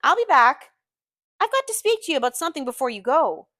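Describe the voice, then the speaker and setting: A woman's voice: high voice, very animated, bright, forceful tone, dry recording, clean studio sound, pitched above the performer's own voice, heavily acted. A woman reading as a blunt, impatient young man. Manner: brisk, scolding.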